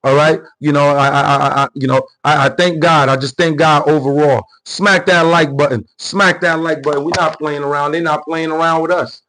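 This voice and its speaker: New man, high voice, slangy, combative commentary host who repeats himself for emphasis. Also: moderate pace, hardly any pauses, poor audio. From New York. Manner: animated, repetitive, slangy and confrontational. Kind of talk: unscripted political commentary.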